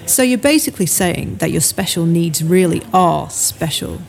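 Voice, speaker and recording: A woman voices a hesitant young woman who mumbles her answers. Her tone is low and mellow. Soft music sits faintly behind. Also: lively intonation, moderate pace, creaky. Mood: unsure.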